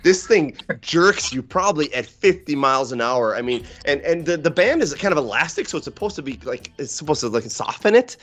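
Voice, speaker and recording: A man's voice: on the high side, very animated, brisk, hardly any pauses, fairly bright tone. A man narrating as game master of a tabletop game, casual, with frequent fillers and laughs.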